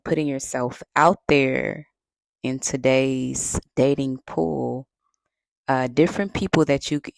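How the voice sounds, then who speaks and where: Very low-voiced gravelly woman host. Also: no room sound, rough recording. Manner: relaxed, conversational, uses slang and fillers. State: a little out of breath. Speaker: self-love and healing channel host. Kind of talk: casual talking-to-camera advice.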